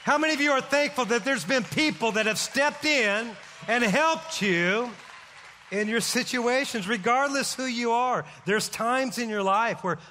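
Male pastor, impassioned sermon, bright ringing voice, long hall reverb. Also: very high-pitched, unhurried, slight background noise. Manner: impassioned preaching, rising to shouts. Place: church sanctuary.

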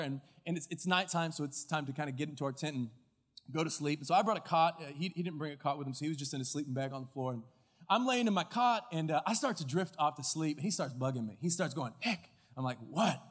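A male pastor preaching a sermon, telling a story with acted-out dialogue and lively delivery. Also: a little high, big-room sound. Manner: animated storyteller, acts out dialogue and shouts at climaxes. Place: church auditorium. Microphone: stage mic with floor monitor.

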